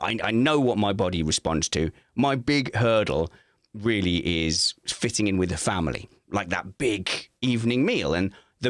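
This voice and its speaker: Low-voiced male co-host, animated, self-deprecating, dry close sound. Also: no echo. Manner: animated and self-mocking, laughs often. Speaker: co-host of a livestream chat show. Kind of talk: casual chat. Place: at home.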